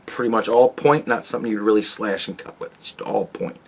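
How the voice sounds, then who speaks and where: A man hosting a podcast, talking casually in a rambling, profane monologue that jumps between loud outbursts and low mutters. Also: fairly even intonation, brisk, slightly rough. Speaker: podcast host.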